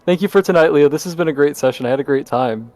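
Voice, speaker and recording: A man's voice: a little high, quick pace, a little mellow. A man chatting casually at the end of a tabletop game session, friendly and joking. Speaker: player. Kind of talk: casual chat.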